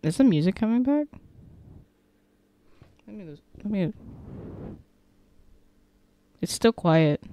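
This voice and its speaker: A woman hosting a gaming video, giving loud, jumpy commentary as she plays, swearing and laughing at the scares. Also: mid-range voice, lively intonation, slow, long pauses, slight background noise. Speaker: gaming channel host. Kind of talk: reactive let's-play commentary.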